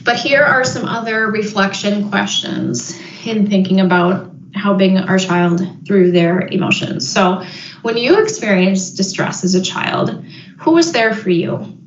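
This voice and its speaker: A woman giving a parenting webinar, thoughtful and reflective, pausing with frequent ums and restarts. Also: medium pitch, expressive, a little hiss or hum. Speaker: parenting educator. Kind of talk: webinar presentation. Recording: roomy, slightly dull audio.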